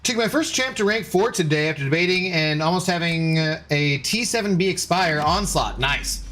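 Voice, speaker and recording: Chatty male gaming streamer, slightly high. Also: animated, moderate pace, fairly bright tone. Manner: chatty, reads chat aloud, swears when losing. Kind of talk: casual live-stream commentary.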